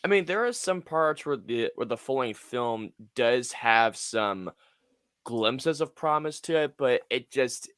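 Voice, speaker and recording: A man's voice: medium pitch, unhurried, smooth, no echo. Enthusiastic podcast guy, voice goes up and down a lot, dry close mic. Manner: animated, restarts often, enthusiastic. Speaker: podcast co-host. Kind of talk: casual chat.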